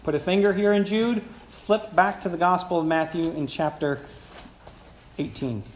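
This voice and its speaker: A man's voice: sits high, normal speed, reverberant, slight background noise. A man preaching a sermon as pastor, talking conversationally and putting questions to the congregation. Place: church sanctuary.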